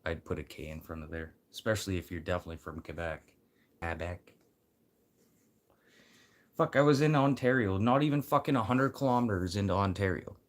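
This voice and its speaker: Deep-voiced guy, blunt and rambling, swears constantly in a loose rant. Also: lively intonation, a little fast, long pauses. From Manitoba. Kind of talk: casual rant.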